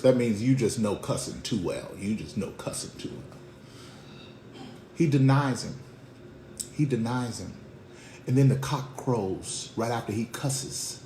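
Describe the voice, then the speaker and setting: A man preaching a sermon, retelling scripture in lively slang and acting out the voices of the people in the story. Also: mid-range voice. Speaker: pastor. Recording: echoey room with faint ambience.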